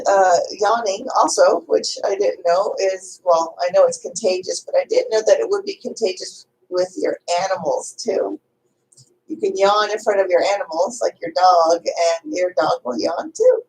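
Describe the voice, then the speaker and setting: Woman, yoga teacher, calm, chatty, gentle guided instruction, medium pitch. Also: low-quality recording. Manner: calm, chatty, with fillers and asides.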